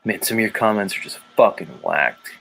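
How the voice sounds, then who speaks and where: Gravelly, crude-joking livestream host man. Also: on the low side, a little fast, fairly bright tone, soft background music. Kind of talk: casual livestream chat reading comments.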